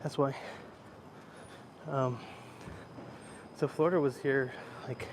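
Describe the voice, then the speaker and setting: Speaking slowly in a steady, medium-pitched voice, a man in his thirties live-streams from a handheld phone as he walks. He chats casually and rambles while answering viewers' questions, starting in an indoor library and moving out to a rooftop, with slight background noise.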